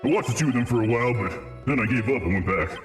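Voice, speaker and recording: A streamer voicing a shy, burly grown man giving witness testimony in a quick, plain read. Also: mid-range voice, animated, roomy sound, in a large hall, soft background music, close to an everyday voice. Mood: recounting.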